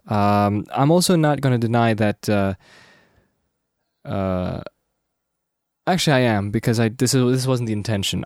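Young guy rambling on his podcast, lowish voice, dead dry mic, lots of ums. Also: a little mellow, no room sound. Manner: rambling, self-correcting, many fillers. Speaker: podcast host. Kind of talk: casual rambling podcast monologue.

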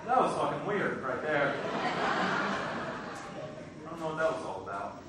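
A man doing a loud, crude stand-up set, teasing the crowd and breaking into sung bits. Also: on the high side, sing-song, normal speed, very noisy. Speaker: stand-up comedian. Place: comedy club stage. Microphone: handheld stage mic. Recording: echoey club heard from far off, with music.

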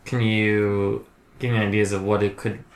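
A man's voice: lowish voice, flat delivery, normal speed, a little hiss or hum. A man playing his character in a tabletop game, polite and hesitant. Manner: hesitant, polite, lots of fillers. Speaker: player. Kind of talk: in-character tabletop role-play. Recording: roomy echo.

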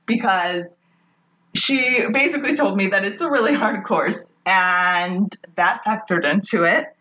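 A woman hosts her podcast with a bubbly, gushing energy, chatting freely rather than reading. Her voice is bright and forceful, sitting in a middling register for a woman. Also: medium pitch, lively intonation, unhurried, lo-fi sound. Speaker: podcast host. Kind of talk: casual podcast intro.

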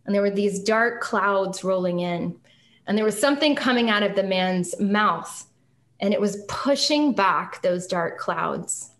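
A woman's voice: medium pitch, animated, fairly bright tone. Earnest woman sharing a faith testimony. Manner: earnest, reflective, slow and emphatic at key phrases. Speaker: podcast guest, singer-songwriter. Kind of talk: emotional personal testimony.

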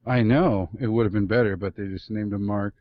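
A man co-hosting a podcast, trading relaxed banter and laughing often over a remote call. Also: on the low side, a little fast, lo-fi sound. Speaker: podcast co-host. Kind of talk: casual chat.

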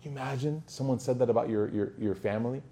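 A man's voice: mid-range voice, fast talker, mellow. A man teaching a religious study circle in a casual, joking way. He tells anecdotes and acts out the dialogue. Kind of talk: informal religious lesson.

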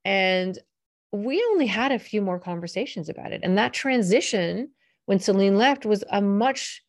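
A middle-aged woman hosting a parenting podcast, telling a family story in a relaxed, conversational way with fillers and restarts. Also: medium pitch, moderate pace.

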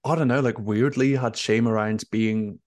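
In a dry, studio-quality recording, a fairly low, slightly mellow male voice holds a steady tone at normal speed. He's a young nurse-turned-career-coach sharing emotionally in a candid interview, full of "like" fillers.

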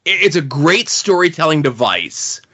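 A man's voice: on the high side, big pitch swings, unhurried, sharp tone. A man co-hosting a casual comic book podcast, making thoughtful points at length. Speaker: podcast co-host. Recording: dull lo-fi podcast audio.

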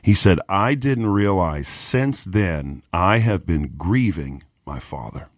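Man, pastor, deep low voice, earnest storytelling, dry close sound. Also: lively intonation, slow, no echo. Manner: earnest retelling with quoted dialogue. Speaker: pastor and conference speaker. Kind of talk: storytelling on a podcast.

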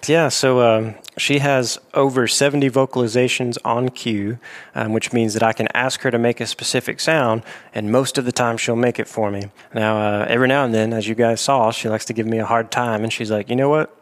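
A man's voice: mid-range voice, fairly even intonation, a little fast, few pauses. A man working as an animal trainer, telling stories in a casual interview, with frequent restarts and fillers.

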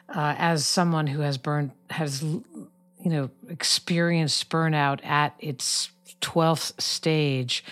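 A woman hosting a podcast interview, asking encouraging questions and introducing her guest. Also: low-pitched. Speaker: podcast host. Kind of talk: interview conversation.

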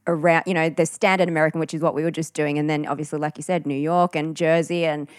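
A woman's voice: low voice, flat delivery, fast, clean tone, no echo, clean studio sound. An Australian woman hosting a podcast, chatting playfully and trying out an American accent now and then. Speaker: podcast host. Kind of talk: casual chat.

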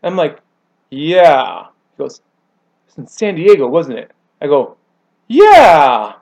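A man's voice: slow pace, vocal fry. A man who coaches grappling, chatting on a podcast and acting out quoted people with big jumps in his voice. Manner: animated storyteller, acts out quotes with big pitch jumps. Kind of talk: casual podcast chat.

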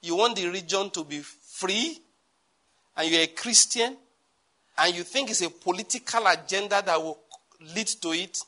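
A man's voice: high-pitched, normal speed, bright, forceful tone. A male pastor with a Nigerian accent, preaching a sermon with joking asides and his own laughter.

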